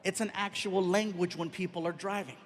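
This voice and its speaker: A man doing a stand-up comedy routine on a live stage, animated and acting out scenes with sound effects. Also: high voice, brisk.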